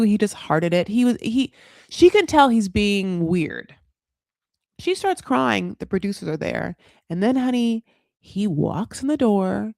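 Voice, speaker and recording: A woman's voice: mid-range voice, very animated, a little slow, creaky, a little mellow, no room sound, studio quality. A woman hosting a casual reality TV recap, chatty and frank, swearing freely and putting on dramatic voices when she quotes people. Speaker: recap show host.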